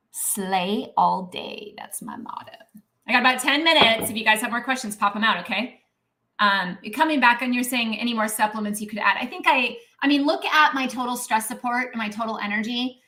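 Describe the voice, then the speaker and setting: A middle-aged woman, a naturopathic doctor, talking casually and animatedly in a live Q&A, with lots of "um" and "right?", now and then clearing her throat. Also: fairly high pitch. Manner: chatty and animated, acts out inner voices; frequent "um" and "right?" tags.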